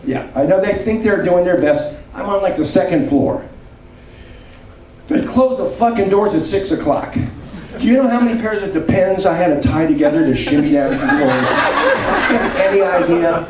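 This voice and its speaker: Picked up by a far-off mic in an echoey comedy club, a 70-something comedian rambles through jokes at his own expense while the crowd laughs. His voice is high and a little mellow, at a moderate pace, with slight background noise.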